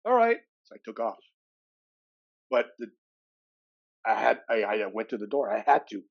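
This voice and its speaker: A man in his sixties, a podcast guest from California, telling a personal story with animated delivery. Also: fairly low pitch, normal speed, gravelly, breathy edge, muffled recording. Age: 60s. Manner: animated storyteller who acts out dialogue with shifting voices.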